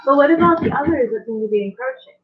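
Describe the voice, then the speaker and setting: A woman's voice: high voice, lively intonation, quick pace, narrow, tinny audio. A woman playing in a tabletop game who asks curious questions in a casual way. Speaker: player.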